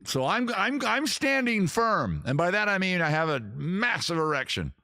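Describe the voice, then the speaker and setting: A man's voice: sits high, big pitch swings, moderate pace, sharp tone, dry recording, clean studio sound. A man hosting a casual music and drinking show, rambling through self-mocking jokes between songs. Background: guitar music.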